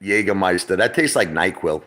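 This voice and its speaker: A man's voice: deep voice, expressive, normal speed, a bit bright. A middle-aged man from Brooklyn, rambling and swearing in a casual livestream chat, repeating himself as he talks. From Brooklyn, New York. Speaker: livestream host.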